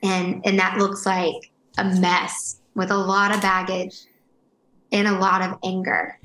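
An earnest woman in her thirties talks openly as an interview guest, circling back and restarting as feelings rise. Her voice sits at an ordinary pitch for a woman and carries a roomy echo. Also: fairly bright tone, a little hiss or hum. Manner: emotional, earnest, rambling with restarts. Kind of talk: candid interview storytelling.

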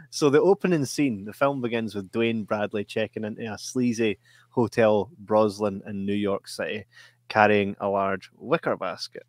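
A man, co-hosting a casual podcast film review, chatty and quick to laugh. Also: fairly low pitch, no echo. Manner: chatty, laughs often, swears. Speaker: podcast co-host.

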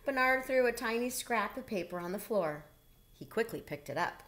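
A woman reading a children's picture book aloud in a gentle, unhurried way. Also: a little high, expressive. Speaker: storybook reader. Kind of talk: children's story read-aloud.

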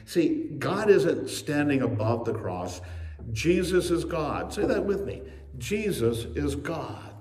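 A male pastor preaching a sermon with emphasis, slowing on key phrases and speeding through asides. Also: on the high side, big pitch swings, a little mellow. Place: church sanctuary. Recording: echoey church from a distance.

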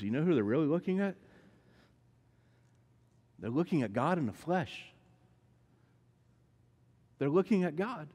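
A man preaching a sermon, telling the story dramatically and shifting between hushed and emphatic lines. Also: a little high. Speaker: pastor. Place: church sanctuary. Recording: long reverb in a large church hall.

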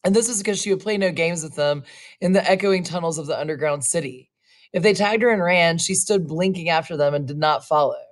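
A woman reading a short story aloud, slow and expressive, now and then adding casual asides. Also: fairly low pitch. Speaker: reader.

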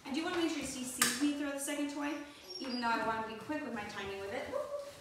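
Young female dog trainer, higher voice, upbeat cue words, distant mic. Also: fast talker. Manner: upbeat, bright praise cues to the dog. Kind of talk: training demonstration with commentary. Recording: echoey room, mic far off, noisy.

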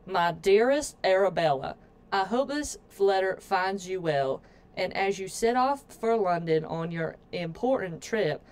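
A woman's voice: fairly low pitch, moderate pace, hardly any pauses, clear, resonant tone, lightly acted. A woman voicing a genteel middle-aged sister reading her own letter aloud in a clumsy put-on old-fashioned accent. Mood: earnest.

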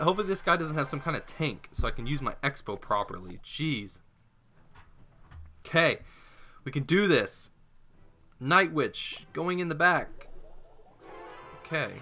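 A man's voice: fairly high pitch, sharp tone. A young man giving rambling, self-mocking live commentary while playing a mobile game. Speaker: gaming YouTuber.

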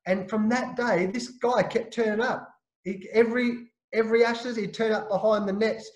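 An Australian man telling a story as an interview guest, lively and blokey, acting out the voices of the people in his tale. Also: high voice, normal speed, echoey room, rough recording. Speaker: interview guest, former captain. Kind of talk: animated anecdotal storytelling.

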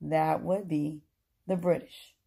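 A woman's voice: deep voice, steady tone, slow, gravelly, warm tone, husky. A woman giving an emphatic, repetitive opinion monologue, lecturing her listeners in casual speech.

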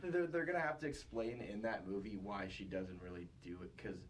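A man's voice: lowish voice, fairly quick. Brief: laid-back male podcast host, loose and sweary, recorded from a distance. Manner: loose, rambling, swears casually. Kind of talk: casual chat. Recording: distant mic with faint noise.

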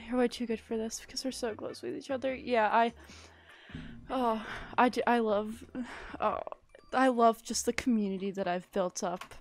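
A woman's voice: on the high side, gravelly, darkish tone. A young woman live-streaming a building game, chatting casually and thanking viewers in a gushing, rambling way. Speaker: livestreamer.

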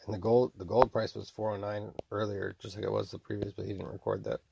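A man's voice: on the low side, little pitch movement, creaky, background noise. A man in his forties rambling to himself in a self-recorded monologue, mumbling and stretching out his exclamations. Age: 40s. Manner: mumbling, drawn-out exclamations, voicing imagined tormentors.

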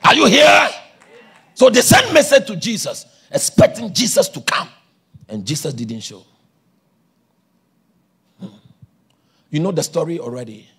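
A man preaching a sermon, shouting with passion and a sing-song cadence, with a gravelly voice. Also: on the high side, wildly swooping pitch, unhurried, long pauses.

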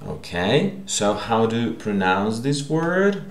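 A man teaching a language lesson, repeating words slowly and checking in with the listener. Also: fairly low pitch, very animated, a little hiss or hum. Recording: echoey room.

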